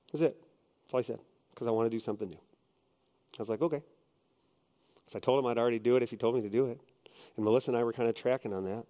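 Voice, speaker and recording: A middle-aged man preaching a sermon as pastor, earnest and animated, moving between quiet reflection and emphatic exhortation. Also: medium pitch.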